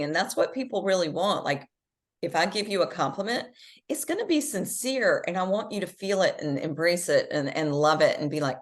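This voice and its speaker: Lively-pitched woman, low and emphatic. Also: a little fast. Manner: emphatic, earnest, speaks in sweeping swings of pitch. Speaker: podcast guest. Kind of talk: motivational conversation.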